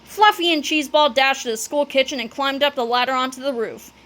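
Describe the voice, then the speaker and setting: A woman reading a children's book aloud, telling the story with animated delivery and dramatic sound words. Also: sits high, brisk. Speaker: narrator.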